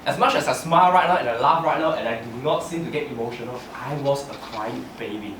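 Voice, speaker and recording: A man's voice: mid-range voice, fast. A young man giving a humorous prepared speech at a club meeting, telling stories about himself and laughing through his lines. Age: young adult. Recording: echoey room from far off, noisy.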